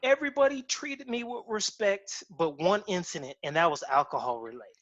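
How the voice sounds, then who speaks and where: A man from Cincinnati talks casually on a stream, his pitch swinging widely as he tells anecdotes and slips into other people's voices. The audio is dull and lo-fi. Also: brisk. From Cincinnati, Ohio. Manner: animated storyteller who acts out voices in his anecdotes. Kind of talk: casual chat.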